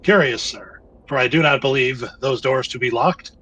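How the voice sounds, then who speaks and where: A stuffy landlord speaks in stilted old-world phrases, husky and bright, as a man puts him on for a game. Every line is grand and over-formal. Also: mid-range voice, normal speed, poor audio. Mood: pompous. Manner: archaic, formal, theatrical phrasing.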